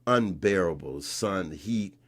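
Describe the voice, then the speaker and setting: A man in his sixties from North Carolina, a guest in a conversation, telling a story in an animated way and re-enacting scenes with rising emphasis. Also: low voice, takes it slowly, breathy edge. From North Carolina, USA. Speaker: interview guest.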